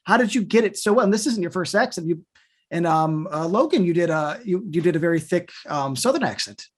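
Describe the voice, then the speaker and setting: A man's voice: high voice, lively intonation, brisk. A man interviewing an actor, asking long, chatty, rambling questions.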